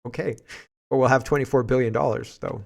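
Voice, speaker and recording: A man's voice: medium pitch, fairly even intonation, brisk, vocal fry. A Canadian man hosting casual political commentary, rambling and sarcastic and often laughing.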